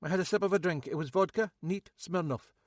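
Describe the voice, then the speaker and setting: A man voicing an odd, blunt Scottish man with a sharp memory, talking raised and insistent as he rattles off details. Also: high-pitched, a little fast, no room sound, clean studio sound, pitched above the performer's own voice, lightly acted.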